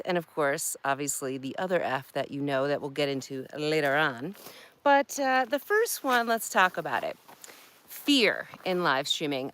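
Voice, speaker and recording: A woman's voice: deep voice, fairly bright tone, clean tone, no echo. A woman from New York, a marketing coach, talking directly and chattily to her phone camera outdoors. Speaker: marketing coach and live streamer. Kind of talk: casual talking-head vlog. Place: outdoors by a creek. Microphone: phone held by hand.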